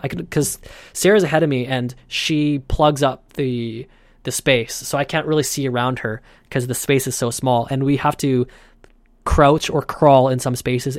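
A male podcast host tells a travel story casually, with plenty of animation. His voice is mid-pitched, and the recording is close and dry. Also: no echo. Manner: animated, acts out his own thoughts.

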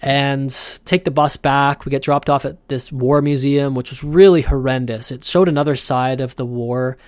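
A podcast host telling a travel story in a casual, animated way. He acts out his own thoughts as he goes. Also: mid-range voice, normal speed, no echo.

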